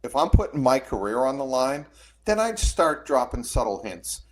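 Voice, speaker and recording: Male podcast co-host, mid-pitched, measured and punchy delivery. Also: very animated, a little hiss or hum. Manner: measured, punchy, firm declarations. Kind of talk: casual sports talk.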